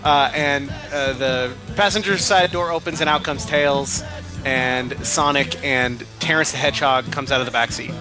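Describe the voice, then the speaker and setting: A man's voice: medium pitch, steady tone, moderate pace, over music. A man co-hosting a podcast, narrating an improvised comedy story in a playful way. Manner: playful, mock-hurt.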